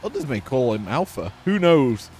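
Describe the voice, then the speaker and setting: A man's voice: mid-range voice, very animated, moderate pace, a little mellow, soft background music. A man doing casual play-by-play commentary, full of joking, offhand asides.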